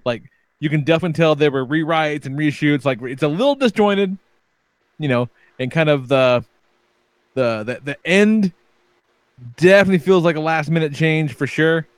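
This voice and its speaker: A man chatting casually as a podcast host, telling profane, animated stories about being a father. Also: a little high, normal speed, dry recording. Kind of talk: casual chat.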